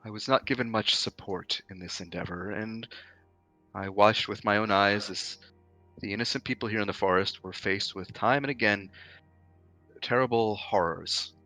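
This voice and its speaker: A man playing a stern male lord in a tabletop role-play, speaking in formal, measured, courtly sentences. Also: on the low side, pushed and bright, soft background music. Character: stern male lord who hands out harsh decrees.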